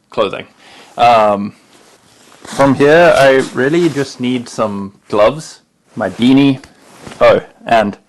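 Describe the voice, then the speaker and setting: A young man from South Africa giving casual, upbeat winter hiking tips in a vlog, full of "like" fillers. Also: on the low side. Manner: chatty and upbeat, with many "like" fillers. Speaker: vlogger.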